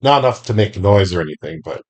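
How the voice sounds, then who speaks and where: A man running a tabletop game as game master, describing scenes slowly and deliberately. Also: fairly low pitch, expressive.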